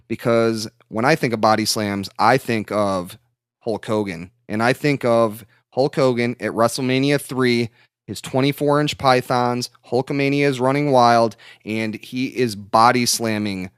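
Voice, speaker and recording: A man's voice: mid-range voice, smooth, dry recording, studio quality. A man co-hosting a podcast, rambling and swearing freely in casual chat. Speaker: podcast co-host.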